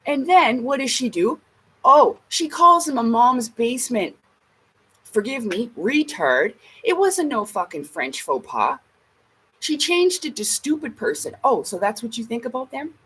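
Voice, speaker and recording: A woman's voice: on the high side, big pitch swings, measured pace, a bit bright, slightly rough, rough recording. A woman vlogger in a casual ranting monologue, blunt and emphatic, swearing heavily.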